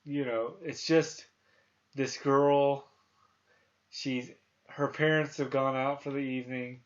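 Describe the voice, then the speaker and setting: A man's voice: medium pitch, steady tone, takes it slowly, lo-fi sound. A man in his thirties hosting a casual movie review chat, rambling with many restarts and fillers. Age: 30s. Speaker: podcast host.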